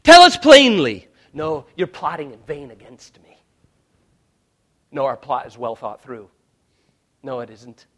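A male pastor preaching a sermon, swinging from hushed, quiet lines to loud shouted ones. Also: medium pitch, a little slow, long pauses, breathy edge.

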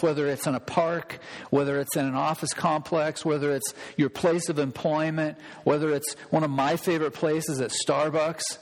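A pastor delivering a sermon, emphatic and repeating key phrases for weight. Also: male voice, a little high. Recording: long reverb of a large hall.

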